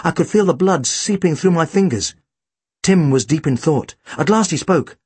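A man's voice: on the high side, expressive, moderate pace, darkish tone, slightly rough, no room sound. A man reading a first-person storybook aloud with a dry, wry delivery. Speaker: audiobook narrator.

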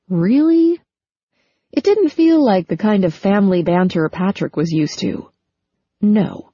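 Woman audiobook narrator, measured, fairly low voice, dry dull recording. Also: sing-song, warm tone, breathy edge, no room sound. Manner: measured storytelling. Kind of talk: scripted narration. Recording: dull lo-fi sound.

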